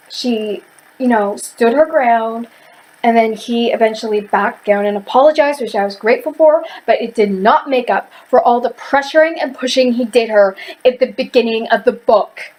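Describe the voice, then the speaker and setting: A woman's voice: a little high, darkish tone, low-quality recording. A woman ranting heatedly in a casual book review, rambling with lots of fillers and restarts.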